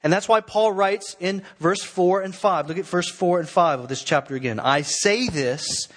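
Pastor preaching an earnest sermon, a man with a somewhat high voice who leans on key words. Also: steady tone. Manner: earnest, exhorting, with slowed emphatic phrases.

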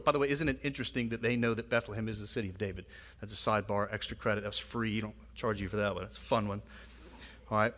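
A man's voice: medium pitch, lively intonation, fairly quick, a bit bright. A man preaching a sermon in a church, talking conversationally with frequent asides and "right?" checks to the congregation. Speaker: pastor. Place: church sanctuary. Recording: long hall reverb.

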